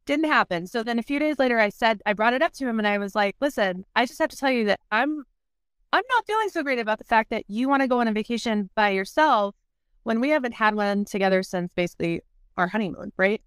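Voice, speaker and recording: Smooth-voiced woman telling her story. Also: on the high side, animated, fast talker, fairly bright tone, no echo, studio quality. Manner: candid, fills speech with "like", acts out past quotes. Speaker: podcast guest. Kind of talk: conversational storytelling.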